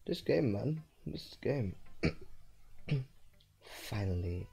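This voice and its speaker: Low-voiced husky gaming commentator. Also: male voice, takes it slowly, long pauses, faint music behind. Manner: loud disbelieving outbursts. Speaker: let's play host. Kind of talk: game playthrough commentary.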